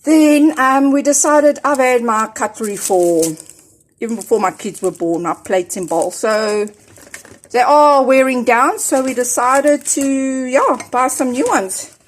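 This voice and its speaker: South African mom, 40s, casual haul vlogger, slightly high-pitched, rambling and breathy from unpacking. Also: female voice, expressive, measured pace. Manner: chatty and rambling, with many fillers and restarts. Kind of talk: casual grocery haul vlog. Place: at home, in her office.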